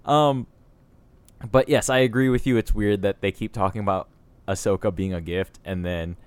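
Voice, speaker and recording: A man co-hosting a casual podcast chat, relaxed and agreeable, with plenty of fillers. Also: fairly low pitch, moderate pace, smooth, no echo. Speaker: podcast co-host.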